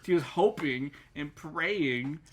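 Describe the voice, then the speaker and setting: A man's voice: fairly high pitch, slow, a little hiss or hum. A man co-hosting a podcast, chatting casually and rambling with frequent laughs while he acts out scenes. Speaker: podcast co-host. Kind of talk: casual chat recapping an anime.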